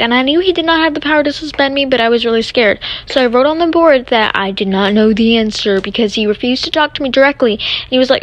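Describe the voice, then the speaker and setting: A woman pours out a grievance storytime at a quick clip. Her voice is on the higher side and her tone stays chatty and indignant throughout. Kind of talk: storytime monologue.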